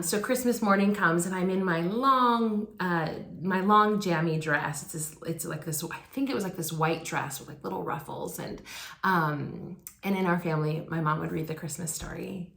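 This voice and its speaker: A woman's voice: lowish voice, normal speed, gravelly, pushed and bright. Chatty woman preacher in echoey hall. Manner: conversational, many fillers and restarts. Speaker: guest speaker. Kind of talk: personal storytelling sermon. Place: church.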